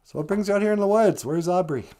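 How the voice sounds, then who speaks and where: A man's voice: high voice, warm tone, pitched above the performer's own voice, lightly acted. A man doing a sly mocking fox trickster. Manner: fast, mocking and blunt, laughs at the other.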